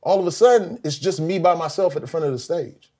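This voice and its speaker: A middle-aged man from South Carolina, a guest telling lively stories in a casual interview, acting out quotes with big jumps in his voice. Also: fast. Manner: animated storyteller, acts out quotes with big pitch jumps. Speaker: guest, former band vocalist.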